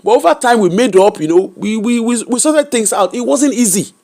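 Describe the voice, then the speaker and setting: Animated Nigerian woman telling her story. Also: a little high, brisk. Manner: animated, emphatic, mixes Pidgin and Yoruba into English. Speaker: interview guest. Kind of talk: candid personal storytelling.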